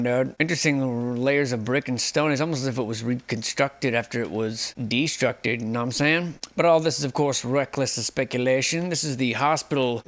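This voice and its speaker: A man hosting casual, sarcastic commentary on photos of buildings, speculating as he goes. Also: mid-range voice. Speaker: host.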